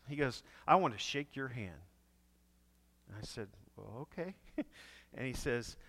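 A man's voice: medium pitch, normal speed, pauses often. A man preaching, telling a story and acting out each person's lines. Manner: animated storyteller acting out dialogue. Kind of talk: sermon storytelling. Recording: echoey hall with long reverb.

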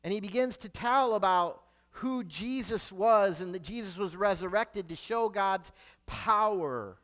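Male preacher, sermon, scripture reading, earnest, explanatory, high voice. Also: a little slow, a bit bright.

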